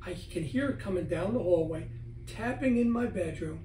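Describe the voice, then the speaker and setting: A middle-aged man with a notably high voice chats at home as an interview guest. He tells his stories with animation and acts out his own words. He sits a little back from the mic in an echoey room with faint ambience behind him. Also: expressive, normal speed, mellow, slight background noise. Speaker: guest author on spirits. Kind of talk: casual interview chat. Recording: roomy, from a distance, faint ambience.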